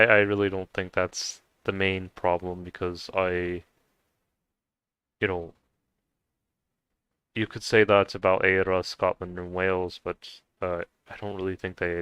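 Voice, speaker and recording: A young man from the United States talking in a casual, halting personal monologue, with many restarts. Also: sits low, bright, forceful tone, clean tone, dry recording. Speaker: vlogger.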